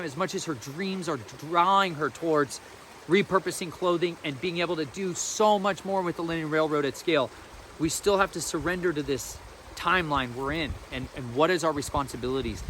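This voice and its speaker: A man with a fairly high voice delivers an informal spiritual teaching in a colloquial, earnest way. He leans hard on his key points. A faint hiss of noise sits behind him. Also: fairly bright tone. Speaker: faith podcast host.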